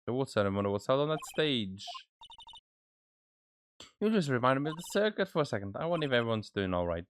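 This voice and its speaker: A man voicing an earnest young male defense lawyer in a courtroom game, speaking in a low-key, wry, musing way. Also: sing-song, fast talker, a little hiss or hum, close to an everyday voice.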